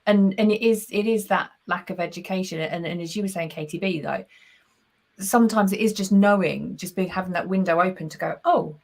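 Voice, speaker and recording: Woman with a low gravelly voice. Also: fairly quick. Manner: animated, lots of "like". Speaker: co-host. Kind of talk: live panel discussion.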